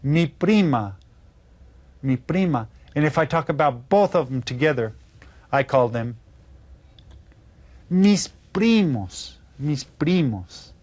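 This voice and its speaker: A man's voice: medium pitch, animated, a little slow, darkish tone. A man teaching a video Spanish lesson to children, patiently spelling words out letter by letter.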